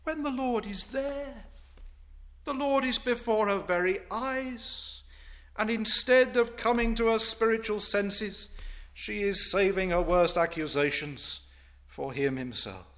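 A male pastor delivers a sermon at a slow, deliberate pace, his voice sitting a little high. He swings between loud declaiming and hushed reverence. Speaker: preacher.

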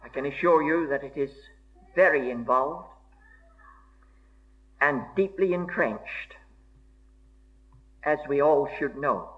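Preacher, male, fairly high voice, measured and emphatic delivery, dull old recording. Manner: slow, deliberate and emphatic, old-fashioned formal diction. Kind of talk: sermon.

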